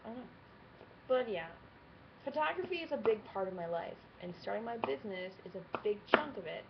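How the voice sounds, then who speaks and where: A woman's voice: a little high, lively intonation, fast, gravelly. A woman in her twenties talking candidly to camera in a casual vlog, swearing freely and laughing often. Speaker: vlogger. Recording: slightly dull lo-fi webcam sound with faint hiss.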